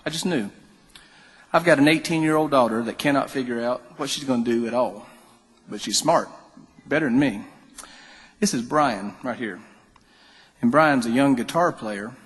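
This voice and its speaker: A man's voice: medium pitch, normal speed, pauses often, breathy edge. Guy on stage spinning folksy jokes, big hall echo. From North Carolina. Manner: folksy, joking storyteller. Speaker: musician on stage. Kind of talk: storytelling between songs. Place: concert venue. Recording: live hall reverb.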